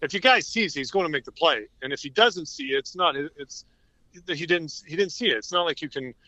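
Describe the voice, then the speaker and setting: A middle-aged man tells his stories in an earnest, rambling way, often restarting his sentences. His voice is bright, at a middle pitch, and the recording is dry and close. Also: fairly quick, dry recording, highs cut off. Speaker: podcast guest, former hockey player. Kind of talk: casual interview storytelling.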